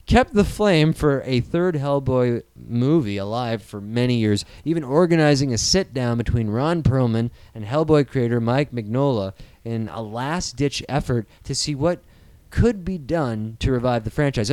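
A young man chats on a podcast in a loose, rambling way and swears freely. His voice is smooth and clear. It sits at an average pitch. The sound is dry and close. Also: moderate pace, no echo. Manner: profane, rambling, animated storytelling. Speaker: podcast host. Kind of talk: casual chat.

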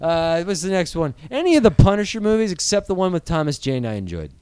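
Brief: a man, animated podcast co-host, smooth clear voice slightly high, dry close sound. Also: dry recording. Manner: animated, profane, riffing with quick impressions. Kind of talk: casual chat.

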